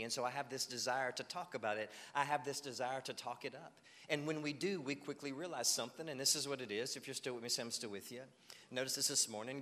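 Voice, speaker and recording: A male pastor delivering a sermon to his congregation, energetic and rising loud when he acts out examples. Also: medium pitch. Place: church sanctuary. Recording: long reverb of a church hall.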